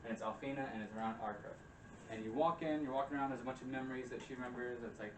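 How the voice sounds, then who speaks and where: A young man talks fast and loose, swearing as he acts out characters' lines. His voice sits at a middle pitch and sounds far from the mic in an echoey room with faint background noise. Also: steady tone. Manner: rambling, profane, acts out quotes. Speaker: game recap presenter. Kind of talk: casual chat. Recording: roomy room, distant mic.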